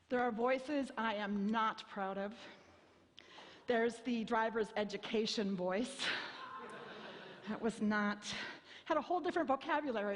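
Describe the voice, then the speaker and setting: A woman pastor in her fifties preaching a sermon, telling stories in a wry, self-mocking way and acting out voices. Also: a little high. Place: church sanctuary. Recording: long hall reverb.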